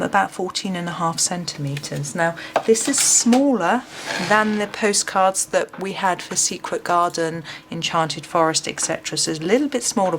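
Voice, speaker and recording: A woman giving a casual, chatty flip-through of a book, often pausing with um and uh. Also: fairly low pitch, fairly bright tone, slight background noise. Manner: chatty, with frequent ums and uhs. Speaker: craft book reviewer.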